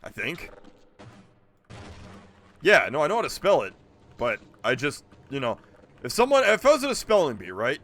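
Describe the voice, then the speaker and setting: A man's voice: fairly high pitch, huge pitch swings, normal speed, pauses often, a bit bright. A man streaming a video game, rambling and joking with his chat as he plays. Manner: rambling, jokey, talks to chat. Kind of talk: casual gameplay commentary.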